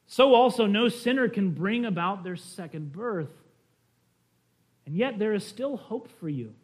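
A man's voice: high-pitched, expressive, a little slow. A man preaching a sermon, speaking earnestly and directly to his listeners as he tells a conversion story. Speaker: pastor.

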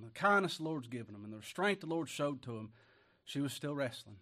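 Country preacher from Kentucky, folksy, keeps asking the congregation questions, booms on the verses. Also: male voice, animated, a little fast. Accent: Appalachian Kentucky. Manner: folksy, asks the congregation rhetorical questions, rises loud on scripture. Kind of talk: sermon.

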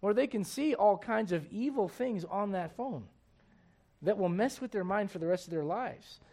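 A man preaching a sermon as pastor of a church, emphatic and swinging between loud bursts and low asides. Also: animated, moderate pace.

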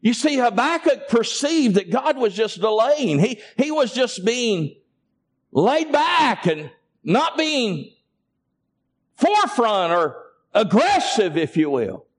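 Animated preacher, high lively voice. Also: male voice, takes it slowly, slightly rough. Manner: preaching with call-and-response to the congregation. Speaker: pastor. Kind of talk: sermon.

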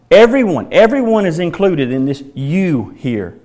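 A man delivers a sermon in a noticeably high voice. He works through scripture passages and repeats key questions with dramatic, drawn-out emphasis. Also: big pitch swings, darkish tone. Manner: emphatic, dramatic rereading of quoted lines. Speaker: pastor.

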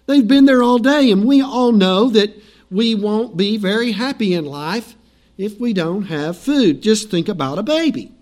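A man's voice: high voice, animated, a little slow, darkish tone. A middle-aged male pastor preaching a sermon in a conversational, storytelling way, acting out the lines of biblical figures.

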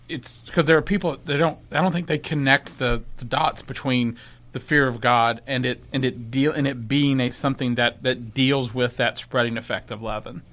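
A man's voice: mid-range voice, fairly bright tone. Man thinking aloud in a church podcast. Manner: searching, thinks aloud with restarts. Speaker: podcast co-host.

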